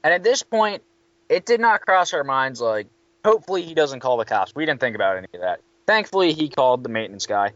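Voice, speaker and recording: A man tells a story in a casual chat, lively and profane, and bumps his voice up whenever he quotes someone. The sound is dry and close with a dull, lo-fi edge. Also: mid-range voice, a little fast, no echo. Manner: animated, swearing, quoting others in raised voices. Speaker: hotel worker telling a story.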